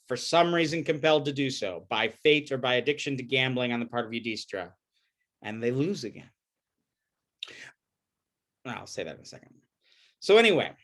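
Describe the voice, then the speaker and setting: A man's voice: medium pitch, fairly bright tone. A man giving a recorded lecture, telling a story with animation and acting out the quoted lines.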